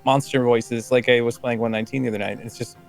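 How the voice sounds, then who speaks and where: A man as a guest on a roundtable chat, relaxed and telling anecdotes. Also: mid-range voice, fast talker, creaky, faint music behind. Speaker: guest streamer.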